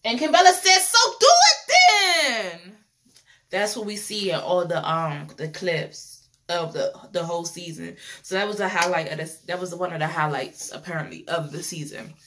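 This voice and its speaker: A woman's voice: lowish voice, normal speed, hardly any pauses, fairly bright tone, a little hiss or hum. A young woman reviews a reality show in casual, opinionated chat, repeating phrases and laughing often.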